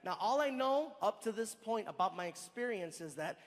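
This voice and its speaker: A man doing a stand-up comedy set, telling an animated story on stage into a stage microphone, with acted-out dialogue. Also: high voice, moderate pace, in a large hall. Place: live comedy venue on stage.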